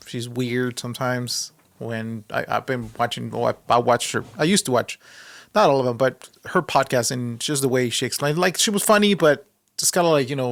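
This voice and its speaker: A man's voice: mid-range voice, no echo, studio quality. A man, earnestly commenting in a preachy way from his home, often restarting his sentences. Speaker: podcast host. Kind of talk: sermon-like commentary.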